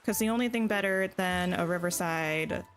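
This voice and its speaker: A woman's voice: on the low side, moderate pace, soft background music. A woman streaming a video game, chatting casually and thinking aloud as she plays. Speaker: gaming streamer. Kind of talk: casual gameplay chat.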